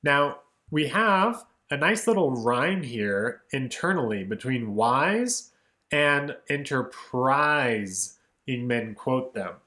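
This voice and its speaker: A man teaching a casual lesson on song lyrics, relaxed and explanatory, often asking "right?" and speaking lines in rhythm. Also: mid-range voice, reverberant. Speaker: music educator.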